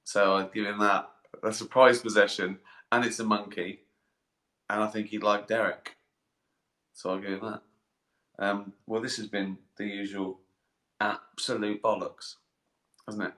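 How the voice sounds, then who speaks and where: A man's voice: fairly low pitch, level tone, a little slow, pauses often, sharp tone. Tired, chuckling man in an echoey bathroom. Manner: rambling, swearing, chuckling. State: tired and sleepy. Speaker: comedian hosting a live stream. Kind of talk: casual live-stream chat. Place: in a bath, bathroom.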